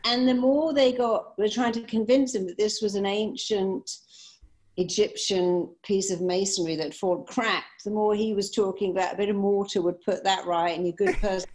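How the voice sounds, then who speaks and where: A middle-aged woman, a therapist telling funny stories as an interview guest, animated and laughing easily. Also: medium pitch. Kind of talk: conversational storytelling.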